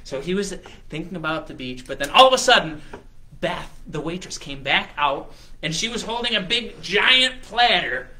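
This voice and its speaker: A man's voice: high-pitched, animated, moderate pace, bright, forceful tone. A man hosting a children's show, making up a story on the spot with lots of fillers and playful restarts. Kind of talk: improvised storytelling for kids.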